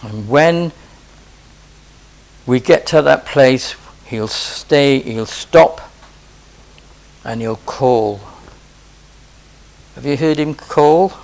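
A man's voice: medium pitch, very slow, gravelly, long pauses, darkish tone. A man preaching a sermon in an impassioned way, pressing his listeners with repeated urgent pleas and rhetorical questions.

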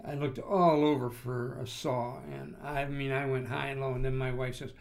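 Gravelly older man telling folksy stories. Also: medium pitch, little pitch movement, moderate pace. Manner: joking storyteller, folksy. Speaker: co-host. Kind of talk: casual chat.

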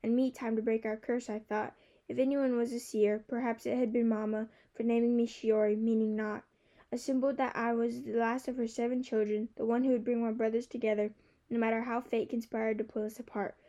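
Female audiobook narrator, slightly high and soft-toned, steady and expressive first-person reading. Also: fairly quick, muffled recording.

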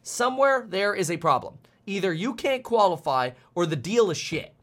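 A man's voice: high voice, lively intonation, moderate pace, a bit bright. A man streaming finance commentary, ranting bluntly and fired up, often stumbling over repeated words.

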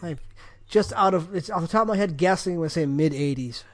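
A man's voice: a little high, fast talker. A man co-hosting a casual gaming podcast, chiming in with wry quips. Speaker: podcast co-host.

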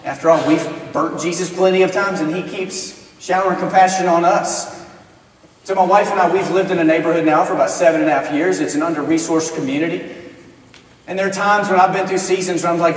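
A man's voice: fairly high pitch, steady tone, brisk. Man, minister, storytelling sermon, earnest, wry humor, far from the mic, echoey chapel. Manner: conversational, earnest, with self-deprecating humor. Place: college chapel.

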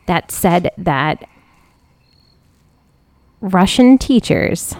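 A woman's voice: lowish voice, lively intonation, extremely slow, darkish tone, no room sound. A woman co-hosting a casual radio chat show, chatty and teasing, laughing often.

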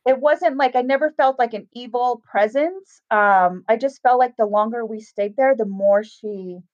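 Woman, middle-aged, storytelling, animated, higher pitch, lo-fi. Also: normal speed. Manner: animated, acts out quoted voices. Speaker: guest telling a ghost story. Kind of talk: casual storytelling. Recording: dull, lo-fi sound.

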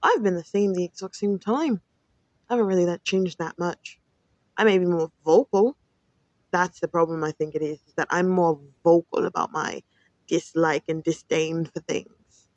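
A woman's voice: fairly low pitch, normal speed, no echo, muffled recording. A young woman hosting her own podcast from home, talking casually and frankly about her job and venting freely. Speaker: podcast host. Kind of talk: casual solo podcast monologue.

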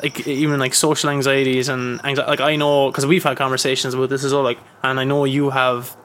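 A man's voice: medium pitch, brisk, slight background noise. A man hosting a podcast in casual chat, swearing a lot and acting out quoted lines as he talks. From Ireland. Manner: swearing, animated storytelling with put-on quotes. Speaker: podcast host.

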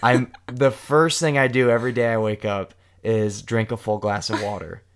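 A man's voice: lowish voice, fairly even intonation, normal speed, clean tone. Rambling, joking young man. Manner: joking, rambling, self-deprecating. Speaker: vlogger, co-host with partner. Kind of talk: casual couple chat.

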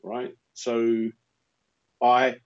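A man in his fifties with a London accent, hosting a casual chat as an animated storyteller. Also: mid-range voice, very slow. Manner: animated storyteller who slips into put-on voices. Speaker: radio host. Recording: muffled lo-fi sound.

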